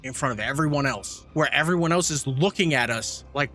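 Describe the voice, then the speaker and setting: Bright-voiced man telling a lively story. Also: medium pitch, brisk, soft background music. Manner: animated storyteller, swears freely, acts out quotes. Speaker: podcast co-host. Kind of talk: casual chat.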